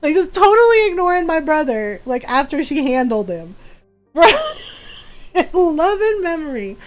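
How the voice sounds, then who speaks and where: A woman streamer telling a family story in casual chat, animated and laughing often, with lots of "like" and "right". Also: high-pitched, unhurried, faint music behind. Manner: repeats filler words like "right" and "like". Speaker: live game streamer.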